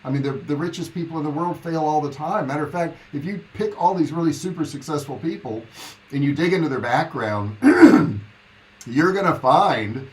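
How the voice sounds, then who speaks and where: A man hosting a casual live business Q&A from his home office, chatty and rambling, with a rough morning throat. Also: fairly high pitch, animated, moderate pace, a little mellow, poor audio. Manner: rambling, friendly, chatty with many fillers and asides to viewers. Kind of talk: casual livestream chat.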